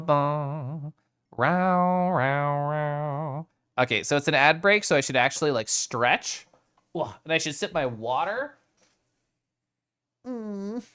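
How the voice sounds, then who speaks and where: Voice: medium pitch, a bit bright. A streamer chatting casually with live chat, playful, reading messages aloud and often rolling R's and making vocal sounds.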